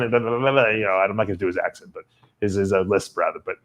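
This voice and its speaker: A man hosting a casual talk radio show, telling rambling stories in an animated way. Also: fairly low pitch, very fast. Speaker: podcast host.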